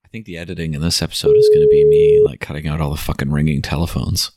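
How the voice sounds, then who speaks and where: A man's voice: a bass voice, wildly swooping pitch, fast, mellow, no echo, studio quality. A man co-hosting a prank-call podcast, chatting crudely and swearing freely. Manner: profane, laughing, swearing freely. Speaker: podcast co-host making prank calls. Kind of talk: crude casual chat.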